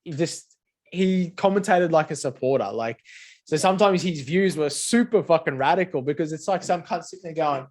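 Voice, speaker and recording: A man's voice: on the high side, moderate pace. Sweary man, rambling chat. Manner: rambling, sweary, lots of "like" fillers. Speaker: podcast co-host. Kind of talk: casual chat over beers.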